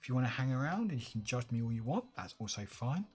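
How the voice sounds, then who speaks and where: A man's voice: medium pitch, big pitch swings, fast talker, breathy edge. A tired man chatting casually on a live stream, upbeat and greeting his viewers by name.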